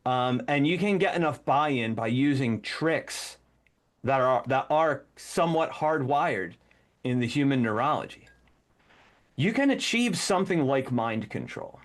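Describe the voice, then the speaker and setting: A man's unhurried, mid-range voice carries his casual, animated chat as a podcast co-host. He tends to act out commands right in the middle of explaining.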